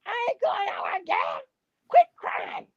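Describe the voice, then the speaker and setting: Brief: high, bright stern mother telling a child to quit fussing , put on by a woman, dull lo-fi sound. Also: big pitch swings, slow pace, heavily acted. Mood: scolding. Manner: firm, dismissive reassurance. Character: stern but loving mother scolding her daughter. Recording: dull lo-fi recording.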